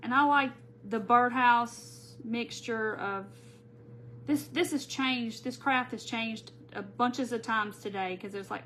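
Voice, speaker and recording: A woman's voice: on the high side, slow, fairly bright tone, slight background noise. A woman hosting a live crafting tutorial, chatting casually and greeting viewers by name as she works. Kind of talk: live-stream crafting chat.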